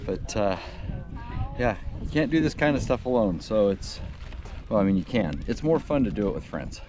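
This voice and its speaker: A man's voice: lowish voice, animated, moderate pace. A man filming himself during an ultramarathon, chatting casually and upbeat about the race and his mishaps. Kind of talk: casual on-the-trail vlog. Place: outdoors on a desert island trail. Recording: outdoor background noise.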